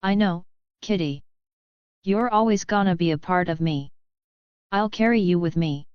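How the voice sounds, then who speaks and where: A resolute young heroine saying goodbye softly, voiced by a woman. Her voice is low and smooth. The recording is dry and dull. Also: a little slow, no echo, close to an everyday voice. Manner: soft, trembling.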